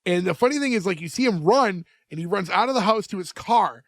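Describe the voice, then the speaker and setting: Young male co-host, slightly high voice, dry close sound, casual recap. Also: animated, a little fast, no room sound. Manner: recaps scenes, many "like" fillers, acts out quotes. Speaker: podcast co-host. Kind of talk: casual chat.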